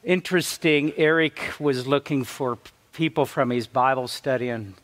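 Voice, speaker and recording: A man from Africa, a visiting pastor, preaching a sermon with lively storytelling and acted-out quotes of church members. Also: mid-range voice, moderate pace. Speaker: guest pastor.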